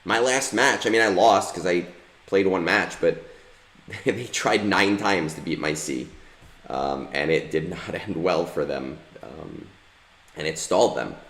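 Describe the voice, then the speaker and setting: A man's voice: sits low, unhurried, fairly bright tone, reverberant. A man streaming a mobile game, rambling casually with many fillers and restarts while he plays. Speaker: gaming streamer. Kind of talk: casual livestream commentary while playing.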